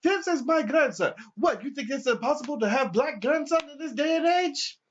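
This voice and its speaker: A man doing a furious old grandpa who scolds in a loud, high, sharply swinging voice and curses freely. He sounds dull and lo-fi. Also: animated, normal speed. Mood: indignant. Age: older. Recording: dull lo-fi recording.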